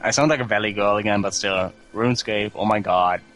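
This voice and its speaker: A man's voice: on the low side, a little fast, fairly bright tone, faint music behind, rough recording. A man acting as guest commentator on a game stream, dry and sarcastic, reading out viewer comments. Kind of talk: casual gaming livestream chat.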